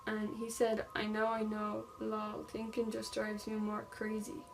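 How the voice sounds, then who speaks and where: A woman's voice: medium pitch, monotone, a little slow, creaky, slight background noise, low-quality recording. A young woman vlogger casually retelling a true-crime story, reading text messages aloud with lots of "like" fillers.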